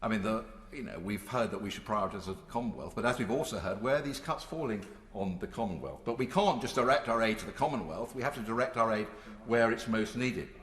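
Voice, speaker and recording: A man's voice: on the low side, quick pace, few pauses, fairly bright tone. A man in his sixties giving an emphatic, rhetorical parliamentary speech with touches of dry sarcasm. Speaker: member of parliament. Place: large debating chamber. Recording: echoey chamber with long reverb.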